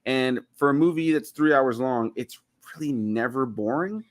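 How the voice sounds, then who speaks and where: This guy in his thirties from Miami, United States, reviews a film as a guest in a casual chat. His mid-range voice moves at normal speed on a dry recording, and he rambles with plenty of "like" and "you know."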